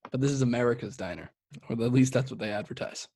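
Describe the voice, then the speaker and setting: A man's voice: mid-range voice, fast talker, a little mellow, no echo. A young man co-hosting a beer review podcast, chatting casually with crude, joking banter. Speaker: podcast co-host reviewing beers. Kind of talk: casual chat.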